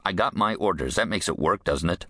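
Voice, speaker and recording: Narrator doing a gruff stiff war vet on parole, curt and dodgy, deep voice, crisp tone. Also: male voice, expressive, fairly quick, bright, forceful tone, no echo, studio quality, exaggerated voice. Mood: defensive. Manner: curt, defensive, evasive.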